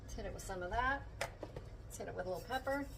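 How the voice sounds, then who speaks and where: An older woman vlogs from her home kitchen, chatting casually with viewers as she cooks, her manner tender and emotional. Her voice is medium in pitch and fast, with a noisy background behind it.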